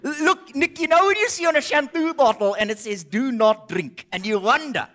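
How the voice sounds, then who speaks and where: A South African man voicing a scornful middle-aged male high school teacher who scolds the audience sarcastically, as if they were his class. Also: lively intonation, moderate pace, bright, forceful tone, exaggerated voice. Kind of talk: stand-up ventriloquism.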